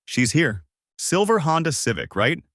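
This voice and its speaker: A man's voice: fairly high pitch, very animated, measured pace, dry recording, clean studio sound, voice pushed up. A man voicing a tense young woman who urgently reports what she sees, in an audiobook. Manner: urgent, hushed play-by-play. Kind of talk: audiobook character voice.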